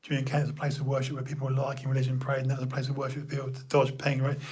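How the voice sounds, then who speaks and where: A man's voice: medium pitch, completely flat delivery, rapid-fire, a little mellow, breathy edge. A middle-aged man from Bournemouth, telling old stories in a rambling casual chat full of fillers and restarts. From Bournemouth, England.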